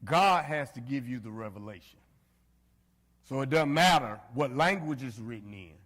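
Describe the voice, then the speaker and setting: A man's voice: mid-range voice, lively intonation, moderate pace, a bit bright. Man teaching Bible study in an echoey hall. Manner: conversational, frequent fillers, addresses the group directly. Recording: reverberant hall.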